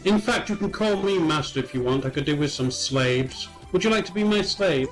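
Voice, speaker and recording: A man's voice: fairly high pitch, animated, fairly quick, soft background music. A man trolling strangers in online voice chat, mocking and teasing in a sing-song way.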